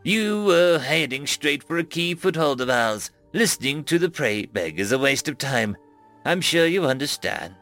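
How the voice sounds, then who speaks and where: Guy doing a croaky alien hunter boss, cold polite and creepy, lively swings, faint music behind. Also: on the high side, normal speed, pitched above the performer's own voice. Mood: coldly polite. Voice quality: throaty, croaking. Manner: cold, formal courtesy. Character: throaty menacing alien chief hunter, male, coldly polite.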